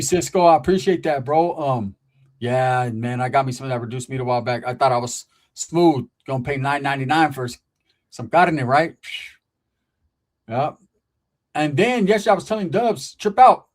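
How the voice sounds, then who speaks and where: A man with a slightly raised voice, hosting a laid-back streamed chat show. He tells his stories in loose, profane street slang, full of asides and animated turns. He grew up in Northern California. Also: a little high, normal speed. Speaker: podcast host. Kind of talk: casual storytelling chat. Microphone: streaming setup.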